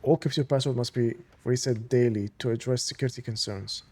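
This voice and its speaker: A man's voice: medium pitch, fairly even intonation, fairly quick, a little mellow. A man casually commenting on a video game he plays, reading in-game documents aloud between enthusiastic fan remarks. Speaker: gamer playing through a story game. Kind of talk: casual let's-play commentary.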